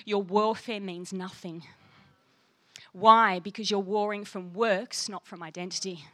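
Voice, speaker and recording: A woman pastor preaching a passionate, animated sermon, often putting questions to the congregation and acting out quoted voices. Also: a little high. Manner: teacherly, acts out little voices for quoted people.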